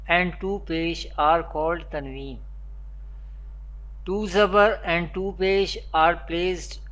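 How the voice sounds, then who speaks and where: A Quran teacher giving a beginner recitation lesson, naming letters one at a time and repeating spelling drills. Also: mid-range voice. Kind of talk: recorded beginner pronunciation lesson.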